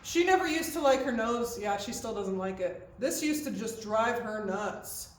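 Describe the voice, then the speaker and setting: A woman's voice: fairly high pitch, lively intonation, normal speed. A woman horse trainer walks her viewers through a hands-on lesson step by step, often stopping to ask "okay?". Her voice is heard from a distance in a very echoey space, with faint noise underneath. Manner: explains step by step, checks in with "okay?". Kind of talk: hands-on instruction.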